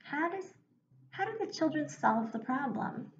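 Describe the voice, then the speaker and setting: A woman with a fairly high voice gives a recorded reading lesson to young children. She speaks slowly and clearly, with encouragement and pauses left for answers. The sound is dull, with an echoey room and a faint hiss. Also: lively intonation. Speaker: teacher.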